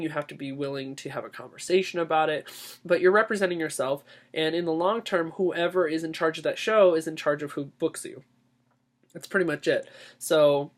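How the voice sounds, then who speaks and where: A man's voice: a little high, a bit bright. A young adult man in drag persona giving frank, chatty advice on a vlog. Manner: candid, chatty, sassy.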